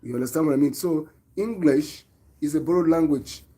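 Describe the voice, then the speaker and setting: A man's voice: a little high, fairly quick, warm tone, husky. A man with a Nigerian accent, hosting an online show and giving an earnest, preachy opinion monologue, often asking his viewers questions.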